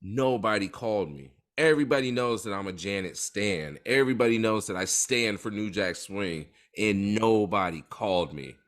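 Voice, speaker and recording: A man's voice: on the low side, moderate pace, few pauses, fairly bright tone. A man co-hosting a casual podcast chat, venting with emphatic repetition and indignation. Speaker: podcast co-host.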